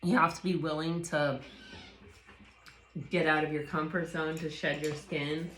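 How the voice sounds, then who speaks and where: A woman's voice: low voice, little pitch movement, unhurried, fairly bright tone, a little hiss or hum. A woman doing a casual spoken tarot reading, reflective and rambling, often restarting her sentences. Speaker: tarot reader. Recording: roomy echo.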